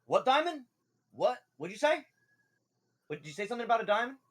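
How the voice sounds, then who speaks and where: A man's voice: very high voice, big pitch swings, fast talker, voice pushed up, full character voice. An actor playing a male drow guard who sweet-talks and then turns threatening, in a tabletop game. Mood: suspicious.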